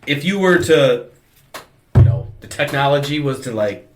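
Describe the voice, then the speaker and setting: A man co-hosting a podcast in casual chat, insistent and excitable. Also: mid-range voice, normal speed. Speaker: podcast co-host. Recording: echoey room with music behind.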